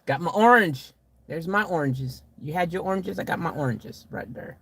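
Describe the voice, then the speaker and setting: Streamer woman, chatty and teasing, reads chat out loud. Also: on the low side, lively intonation, normal speed, breathy edge. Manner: chatty, teasing, laughs often. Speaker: live streamer. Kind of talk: casual live-stream chat, reading comments.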